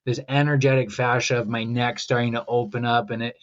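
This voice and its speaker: A man's voice: medium pitch, level tone, brisk, highs cut off. A man, a podcast guest, telling stories in a reflective, rambling way and quoting his own inner voice. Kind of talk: casual conversational storytelling.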